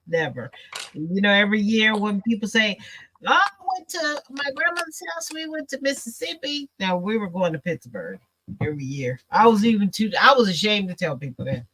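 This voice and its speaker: A woman with a bright, forward voice chats casually with a friend while sewing. She tells stories with animated energy and breaks into laughter easily. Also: lowish voice, a little hiss or hum. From Midwestern United States. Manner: laughing, animated storytelling with dialect. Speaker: host.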